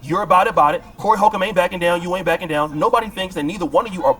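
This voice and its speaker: A woman's voice: fairly low pitch, rapid-fire, a bit bright, soft background music. A woman giving opinion commentary, arguing her point with rhetorical questions. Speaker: political commentator.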